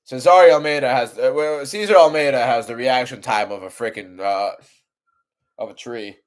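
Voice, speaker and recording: A man's voice: mid-range voice, moderate pace. A young man streaming a fight watchalong, ranting in exasperation over a dull card. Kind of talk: live stream commentary.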